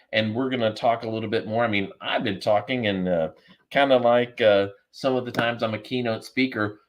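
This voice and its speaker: A man's voice: mid-range voice, fairly bright tone. A man guest on a podcast over a video call, telling an earnest, emotional story and acting out the dialogue. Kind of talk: storytelling in a remote interview.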